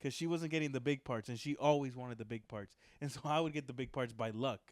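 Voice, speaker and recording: A man's voice: medium pitch, fast, no echo, studio quality. A young man co-hosting a podcast, chatting casually, laughing often as he tells stories. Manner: laughs often, easygoing storytelling. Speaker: podcast co-host. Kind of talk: casual chat.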